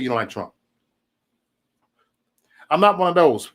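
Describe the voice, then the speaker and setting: Guy ranting on his livestream, cussing a lot, rambling stories, gets loud and animated. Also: a little high, unhurried, pauses often. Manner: profane, rambling, animated storytelling. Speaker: livestream host. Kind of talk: casual livestream rant.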